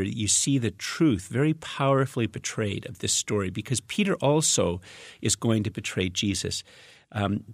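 A man's voice: on the low side, vocal fry, no room sound, clean studio sound. A man preaching a reflective, conversational sermon, reading scripture aloud and explaining it with casual asides. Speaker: pastor.

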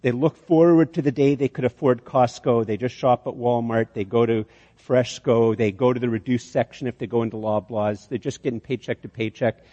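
A man's voice: mid-range voice, fairly even intonation, fairly quick, mellow. A man preaching a sermon, telling a long illustration with many restarts and building to emphatic peaks. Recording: dull sound with long hall reverb.

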